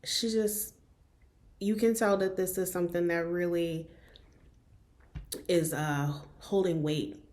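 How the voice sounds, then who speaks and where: A woman hosting a reaction video, chatty and drawn-out, pausing to comment with many hums and asides. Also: on the low side, steady tone, darkish tone. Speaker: reaction channel host.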